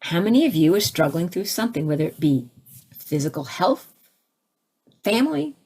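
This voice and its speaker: A woman giving a conversational spiritual talk, asking her listeners questions and turning animated as she acts out her own reactions. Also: normal speed, breathy edge. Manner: animated, rising to high exclaims when acting out her own reactions; conversational, asks the audience questions. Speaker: spiritual teacher.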